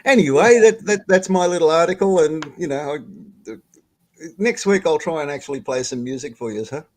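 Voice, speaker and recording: An older Australian man telling a rambling, halting story over a video call, swearing and laughing as he goes. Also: on the high side, animated, darkish tone. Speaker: guest storyteller. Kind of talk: casual storytelling on a live stream.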